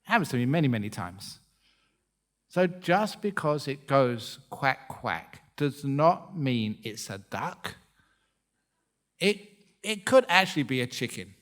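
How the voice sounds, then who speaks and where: A man's voice: mid-range voice, big pitch swings, slow pace, a bit bright. A man who is a monk giving a humorous dharma talk, joking and often laughing at his own stories.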